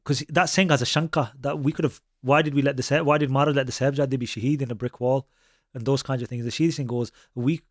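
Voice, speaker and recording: A man's voice: medium pitch, fairly even intonation, fast talker, no room sound, studio quality. A man, a Sikh preacher telling stories in conversation and mixing Punjabi phrases into his with frequent restarts. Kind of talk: conversational storytelling.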